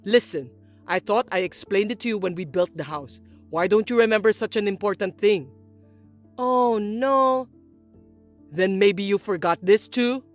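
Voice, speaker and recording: Woman doing a calm son, lowered voice, patient, faint music under it. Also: a little slow, lightly acted. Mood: explaining. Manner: low, patient and reasoning. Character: calm grown son and husband, young man. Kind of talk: scripted story voice-acting.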